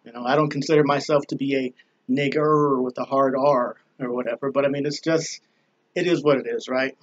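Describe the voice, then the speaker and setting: This balcony vlogger speaks at medium pitch with fairly even intonation, fairly quickly, and the recording sounds muffled. His laid-back story rambles, heavy on profanity and filler words.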